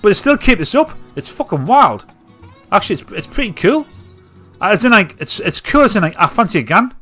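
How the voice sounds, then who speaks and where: A man's voice: sits high, big pitch swings, a little fast, a bit bright, faint music behind. A man hosting a casual live-stream chat, rambling and swearing freely as he goes. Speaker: live show host.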